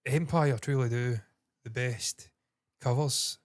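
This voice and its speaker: A man's voice: mid-range voice, steady tone, takes it slowly. A Scottish man co-hosting a podcast, telling stories with lots of swearing and mocking impressions. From Scotland. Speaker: podcast co-host. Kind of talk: casual chat.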